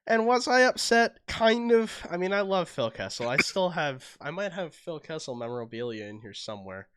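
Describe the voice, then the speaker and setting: A man's voice: fairly high pitch, normal speed, clean tone, no echo, clean studio sound. A young Canadian man co-hosting a podcast, telling stories in casual chat and acting out the quotes. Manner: animated storytelling, acts out quotes. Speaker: podcast co-host.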